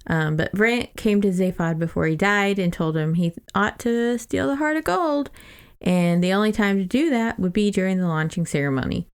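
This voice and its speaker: A woman's voice: mid-range voice, expressive, moderate pace, smooth. A young adult woman co-hosting a podcast, chatting casually as she sums up a book's plot with loose quoted asides. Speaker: podcast co-host. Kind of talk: casual book-club chat.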